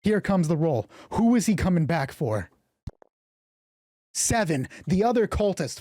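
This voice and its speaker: A man narrating and rolling dice for a solo tabletop game stream, excitable and swearing freely, his voice getting hoarse. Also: sits high, a little slow, dry recording. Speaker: game master.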